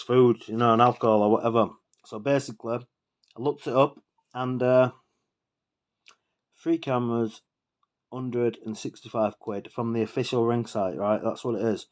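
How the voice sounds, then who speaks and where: A man rants straight to camera, a few drinks in. His voice sits at an ordinary middle pitch. He rambles, swears freely and sounds indignant throughout. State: tipsy from drinking. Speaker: vlogger. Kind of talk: ranting casual monologue.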